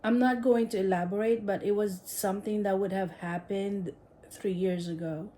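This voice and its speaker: A woman with a warm, mellow voice chats at home with her husband. She reads out question-game prompts in a relaxed way and keeps her own answers brief and reserved. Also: mid-range voice, moderate pace. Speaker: wife in a couple channel. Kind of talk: casual chat, asking question-game prompts.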